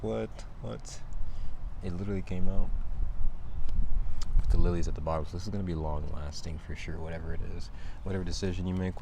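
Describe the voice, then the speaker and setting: A man giving a casual solo tarot reading, talking in a halting way, often restarting phrases, with excitable asides. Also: deep voice, noisy background. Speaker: tarot reader.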